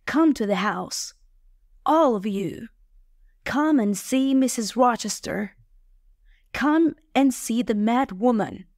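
A woman reading as a proud, anguished gentleman. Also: fairly high pitch, expressive, dry recording, clean studio sound. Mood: tense. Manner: plain, slow, measured reading. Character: proud anguished man, master of the house.

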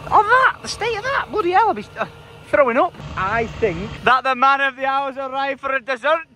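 A high, bright male voice, full of playful teasing. He swings his pitch up and down all the time, a young vlogger chatting casually behind a handheld camera. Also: normal speed, a little hiss or hum. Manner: playful, joking, animated. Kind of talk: casual vlog chat.

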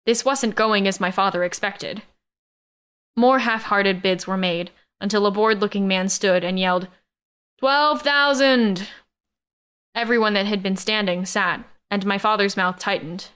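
A woman narrating a science-fiction romance audiobook in the first person, with steady, even storytelling. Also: medium pitch, moderate pace, clear, resonant tone.

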